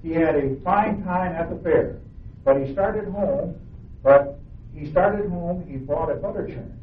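A man's voice: a little high, measured pace. A man preaching a sermon and reading a children's story aloud, speaking earnestly and with emphasis. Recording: echoey, tinny, from far off.

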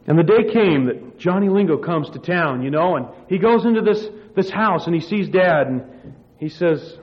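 A man's voice: fairly high pitch, expressive, a little fast. Male preacher, muffled lo-fi sound. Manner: storytelling, rambling with restarts. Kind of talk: sermon. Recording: muffled lo-fi sermon recording.

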